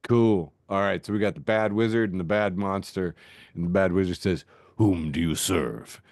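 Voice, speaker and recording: A man's voice: low-pitched, fairly even intonation, normal speed, darkish tone, no room sound, studio quality. A man hosting a casual podcast, reading funny social media posts aloud and laughing often. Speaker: podcast host. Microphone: video call mic.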